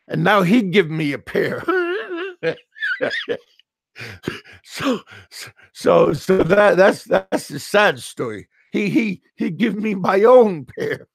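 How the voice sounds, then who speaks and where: A middle-aged man from the US talks slowly and unhurriedly in a gravelly, slightly raised voice. He stammers, repeats words and chuckles often through a rambling, joking monologue. The sound is dry and close. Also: on the high side, no room sound. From United States. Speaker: expat vlogger.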